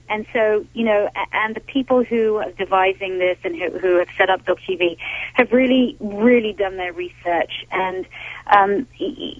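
A British woman, a dog trainer and author, talking fast as a phone guest, often restarting her sentences. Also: mid-range voice, no echo. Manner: fast, with frequent restarts and fillers. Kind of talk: phone interview. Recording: dry, tinny phone line.

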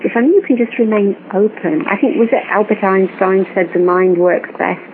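A woman guest telling a long personal story in an animated way, recorded over a phone line. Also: medium pitch, fairly quick. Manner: animated storytelling, acts out quoted voices. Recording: tinny phone line with faint hiss.

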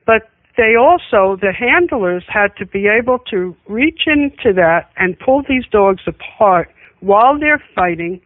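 A woman's voice: mid-range voice, expressive, a little slow, few pauses, no room sound. A woman who is a guest on a radio show, calling in and telling matter-of-fact stories about dogs. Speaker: call-in guest, dog trainer. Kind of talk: casual radio chat. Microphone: telephone. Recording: tinny phone line.

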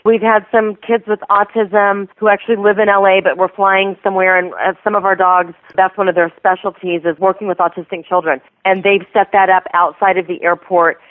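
A woman's voice: medium pitch, little pitch movement, a little fast, hardly any pauses, dry recording. Bubbly woman on a phone line. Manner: bubbly, laughs often, enthusiastic. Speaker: airport therapy dog program coordinator. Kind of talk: phone interview storytelling. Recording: tinny phone line, dry.

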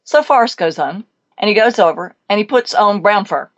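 A woman hosting a talk show as a pet psychic. She tells her story in a lively, emphatic way at a medium pitch. Her voice comes through a slightly dull, lo-fi recording. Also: normal speed.

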